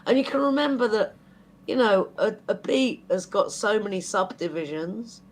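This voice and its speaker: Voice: mid-range voice, expressive, normal speed. A guest songwriter in a casual podcast chat, talking in rambling, restarting sentences and laughing easily.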